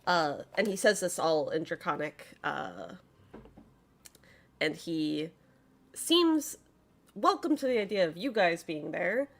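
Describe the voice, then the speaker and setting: Slow, hesitant woman game master. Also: fairly low pitch, vocal fry. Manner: relaxed, hesitant, many fillers. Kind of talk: narrating a tabletop game.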